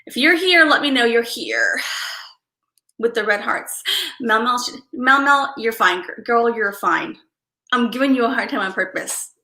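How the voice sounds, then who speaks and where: A woman hosting a casual livestream, greeting viewers by name, thinking out loud and apologizing often. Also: on the high side, animated, measured pace, echoey room. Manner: apologetic, drops to mutters and whispers. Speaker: livestream host.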